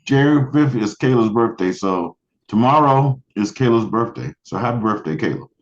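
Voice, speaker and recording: A man co-hosting a casual podcast chat, making offhand, deadpan asides. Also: mid-range voice, normal speed. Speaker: podcast co-host. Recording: slightly dull lo-fi mic.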